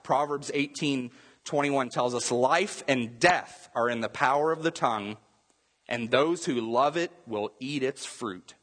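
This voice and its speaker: A man's voice: mid-range voice, a little slow, fairly bright tone, long reverb tail. A man preaching a sermon as pastor, emphatic and repetitive, often restarting his phrases.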